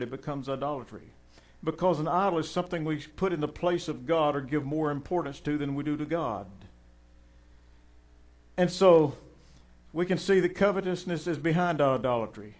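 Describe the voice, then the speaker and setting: A male pastor delivering a sermon, shifting between relaxed asides and fervent, emphatic passages. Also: medium pitch. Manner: conversational preaching that swells into fervent emphasis.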